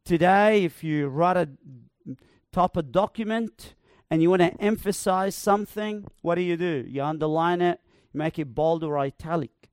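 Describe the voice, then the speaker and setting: A man preaching a sermon, building to emphatic proclamations with slow, repeated phrases. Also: high voice, clear, resonant tone, dry recording, studio quality.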